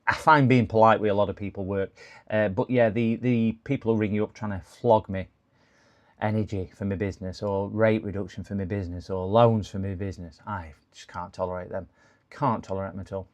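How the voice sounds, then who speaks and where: A middle-aged man with a slightly low voice talks casually to his live viewers. He rambles from one thought to the next and tends to work himself up into exasperated complaints. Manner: rambling, chatty, given to exasperated rants. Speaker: livestream host. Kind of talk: casual live stream chat.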